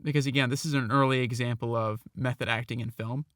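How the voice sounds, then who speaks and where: Measured male podcaster, dry sound. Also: mid-range voice, steady tone, a bit bright, no room sound. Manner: measured, hesitant with fillers. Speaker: podcast co-host. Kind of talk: casual film review chat.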